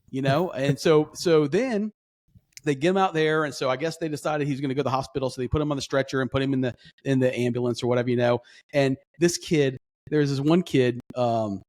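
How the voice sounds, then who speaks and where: A middle-aged man telling a long story on a podcast, animated and full of restarts. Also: mid-range voice. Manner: animated, acts out quoted voices, rambling restarts. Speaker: podcast co-host. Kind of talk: casual storytelling chat.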